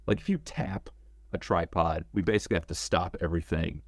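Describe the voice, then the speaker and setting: A man as an interview guest, telling stories in a casual, animated way, acting out quotes and swearing freely. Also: low-pitched, brisk. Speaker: interview guest, former game cinematics director.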